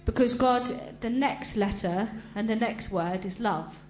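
A woman giving an emotional personal testimony to a congregation, talking earnestly and haltingly with frequent restarts. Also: on the high side, a little mellow, faint music behind. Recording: roomy echo with faint hum.

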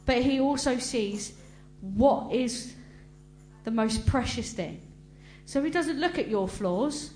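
Woman, personal testimony, slow and halting, roomy echo. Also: fairly high pitch, lively intonation, a little mellow. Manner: earnest, halting, with repeated restarts. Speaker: speaker giving a testimony. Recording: roomy echo with faint hum.

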